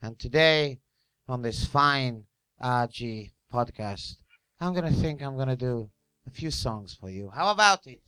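A man's voice: mid-range voice, lively intonation, unhurried, bright, forceful tone, slight background noise. A man playing a flamboyant, self-important Latin lover crooner in a comedy character act, talking with showman patter over a guitar. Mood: grandiose.

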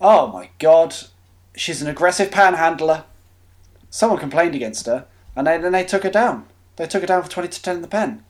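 A man's voice: fairly high pitch, lively intonation, a little fast. A man hosting a podcast, reading comic news stories aloud in a mock-announcer way, giggling and tripping over words. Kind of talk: comedic news-reading chat.

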